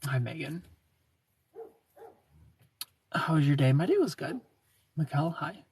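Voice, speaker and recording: A man hosting a casual livestream, greeting viewers by name and answering their comments in a relaxed, chatty way. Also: fairly high pitch, normal speed, vocal fry, long pauses, recorded from a distance, a little hiss or hum. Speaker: livestream host.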